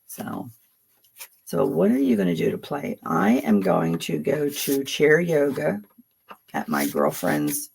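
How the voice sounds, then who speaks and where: A woman in her seventies from Philadelphia, USA, hosts a livestream where she reads tarot and chats casually, rambling between stories and laughing often. Her low voice swoops wildly in pitch and is slow, creaky and darkish with a breathy edge.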